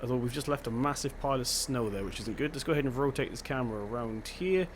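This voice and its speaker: Thinking aloud as he works through a farming game, a young Devon gaming host chats casually in his local English accent. He talks quickly at a medium pitch, with a little hiss or hum in the recording.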